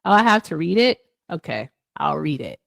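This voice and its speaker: A woman's voice: low-pitched, big pitch swings, normal speed, gravelly, fairly bright tone, no echo, studio quality. A woman hosting a casual livestream, chatting with guests and viewers, laughing often and trailing off. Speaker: livestream host.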